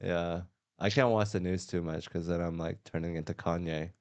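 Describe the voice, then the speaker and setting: A man's voice: low voice, steady tone, normal speed, darkish tone. An American man hosting a casual studio podcast chat, blunt and profane, joking with his guests on headphones. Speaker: podcast host. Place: studio room. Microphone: studio mic with headphones.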